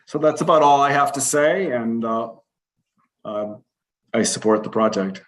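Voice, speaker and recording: A man commissioner gives his view at a public meeting at a middling pitch. He stammers and restarts often and speaks with hesitation. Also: measured pace. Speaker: planning commissioner.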